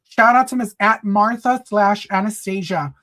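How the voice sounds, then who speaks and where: With a high, pushed, bright voice at normal speed, this livestream host keeps things campy and sassy, greeting viewers as girl and honey. He slips Spanish phrases into the casual chat.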